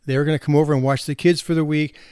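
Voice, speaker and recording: A man's voice: a little high, steady tone, racing, a little mellow, clear, resonant tone, no room sound, studio quality. A man in his sixties, a physician, telling anecdotes about marriage and parenting in a casual way, chuckling now and then. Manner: anecdotal, with laughter and restarts. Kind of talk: casual storytelling talk.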